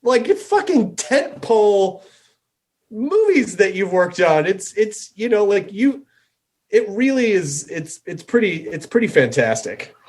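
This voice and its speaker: A man's voice: high-pitched, big pitch swings, unhurried, darkish tone, husky. A man hosting a podcast in casual chat, rambling with lots of "you know" and "like". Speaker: podcast host.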